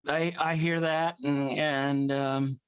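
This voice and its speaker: A man's voice: fairly high pitch, flat delivery, slow, clean tone, dry recording. A man performing an improvised comedy scene, hesitant and full of fillers. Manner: hesitant, many ums and uhs. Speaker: improv player.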